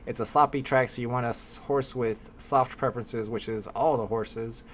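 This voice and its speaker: A man's voice: mid-range voice, normal speed, slight background noise. Chatty man hosting a livestream. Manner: relaxed, chatty, talking to chat. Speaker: livestream host. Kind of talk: casual chat.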